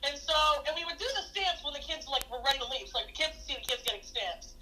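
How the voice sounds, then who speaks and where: A young woman streamer chatting casually, telling a story in an animated way and acting out the quotes. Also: high voice, fast talker, slight background noise, low-quality recording. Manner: animated, laughing, acts out quotes.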